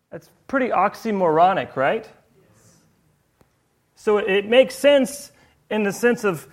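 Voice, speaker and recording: Male preacher, high voice, animated, quizzes the congregation with rhetorical questions. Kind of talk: sermon.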